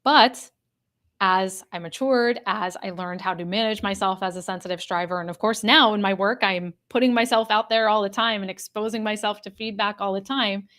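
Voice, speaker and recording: An earnest woman coach leads a live online class, her pitch sitting in an ordinary middle range. She speaks straight to the people in the chat and repeats her main points so they sink in. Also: steady tone, moderate pace, a bit bright. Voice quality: addresses a live chat audience directly. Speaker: executive coach. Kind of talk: live online workshop talk.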